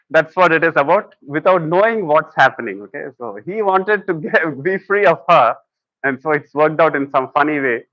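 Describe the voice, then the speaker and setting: A man talks through a spiritual lecture in a loose, conversational way. His voice sits a little high. The recording is dry and somewhat muffled. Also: expressive, normal speed, fairly bright tone, no room sound. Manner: conversational, storytelling with acted quotes. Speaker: speaker at a talk.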